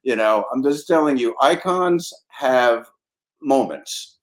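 An older man who writes comedy casually tells anecdotes, laughing often and acting out quotes as an animated storyteller. His voice sits at medium pitch and moves at a slow pace.

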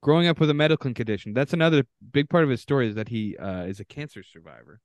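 A man's voice: mid-range voice, lively intonation, rapid-fire, dry recording. Canadian man reading bios, casual podcast. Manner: reads contestant bios aloud with offhand asides. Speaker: podcast co-host.

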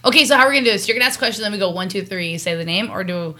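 A woman's voice: mid-range voice, expressive, rapid-fire, sharp tone. A young woman co-hosting a podcast, chatting casually over wine, rambling and laughing often. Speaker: podcast co-host. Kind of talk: casual chat.

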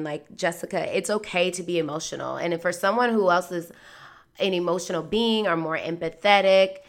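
A woman's voice: sits low, a bit bright, clean tone. A woman in her thirties hosting a podcast, talking candidly and earnestly about faith and lessons learned, full of "like" and "um". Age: 30s. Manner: candid and conversational, many fillers like "like" and "um"; earnest, faith-centered encouragement. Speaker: podcast host. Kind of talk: reflective personal podcast monologue.

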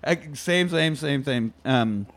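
A man's voice: mid-range voice, takes it slowly, creaky. Profane man recapping a film. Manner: profane, animated retelling with acted quotes. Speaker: podcast host. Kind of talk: casual chat, recapping a film.

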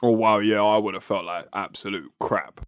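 A man's voice: on the low side, fairly even intonation, normal speed, smooth. A man co-hosting a podcast, chatting casually and poking fun at himself, using slang like "bruv" and "innit". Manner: chatty and self-deprecating, says "bruv" and "innit". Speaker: podcast co-host. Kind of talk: casual chat. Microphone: personal microphone.

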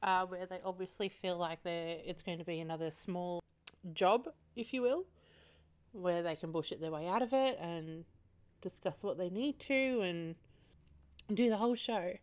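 A woman's voice: on the low side, moderate pace. Sweary, chatty woman podcaster. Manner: chatty, sweary, laughs often, animated asides. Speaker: podcast co-host, film reviewer. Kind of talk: casual solo podcast review.

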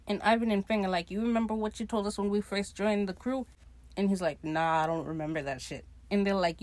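A woman's voice: mid-range voice, no echo. A woman hosting a podcast, recapping a TV episode in casual chat, swearing freely and briefly acting out lines. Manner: chatty, swears freely, acts out lines in quick asides. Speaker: podcast host recapping a TV show.

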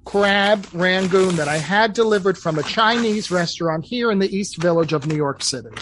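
A woman's voice: lowish voice, normal speed, slight background noise. A woman hosting a casual food chat, talking enthusiastically and teasing her guest. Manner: chatty, enthusiastic, gasps and teases. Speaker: podcast host. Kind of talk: casual chat while eating on a food show. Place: New York City apartment.

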